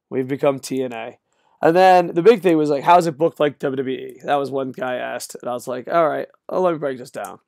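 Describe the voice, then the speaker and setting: A man's voice: mid-range voice, normal speed, vocal fry, a little mellow, no room sound. Exasperated man ranting, dry close sound. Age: older. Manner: exasperated, profane, sarcastic rant. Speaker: wrestling commentator. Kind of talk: ranting solo video.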